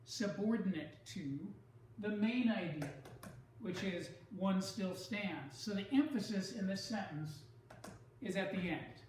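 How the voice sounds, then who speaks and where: A man teaching a writing class, lecturing deliberately in short phrases with pauses between them. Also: high voice, lively intonation, darkish tone. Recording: very echoey classroom with faint noise.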